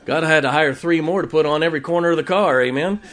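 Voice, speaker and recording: Brief: male pastor, folksy joking sermon delivery, loud exclamations. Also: a little high, fast.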